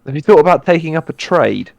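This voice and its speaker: A man's voice: a little high, animated, fast talker, gravelly, darkish tone, no room sound. A man playing in a tabletop game, chatting casually with a wry, joking manner. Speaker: player.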